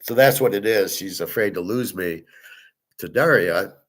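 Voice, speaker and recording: A man's voice: on the low side, moderate pace. A middle-aged man hosting a casual monologue, telling a personal story in a blunt, profane way. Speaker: host.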